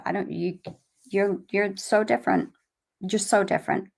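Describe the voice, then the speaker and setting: Middle-aged woman, interview guest. Halting, emotional storytelling, lots of restarts; mid-range voice. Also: mid-range voice, steady tone, gravelly. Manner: rambling, halting, with many restarts. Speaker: guest, bereaved mother. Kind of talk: emotional personal account.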